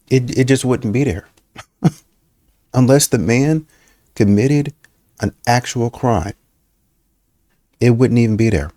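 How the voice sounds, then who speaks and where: A man's voice: mid-range voice, takes it slowly, pauses often, dark tone, dry recording. A man hosting a reaction show, giving blunt, scolding commentary with repeated rhetorical questions. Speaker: reaction channel host. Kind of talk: casual commentary on clips.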